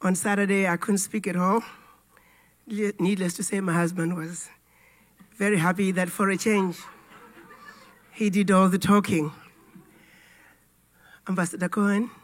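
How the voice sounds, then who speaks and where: A middle-aged woman with a raspy, hoarse voice from a cold, giving a formal public speech in a deliberate, emphatic way. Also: lowish voice. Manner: deliberate, emphatic storytelling delivery. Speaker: keynote speaker.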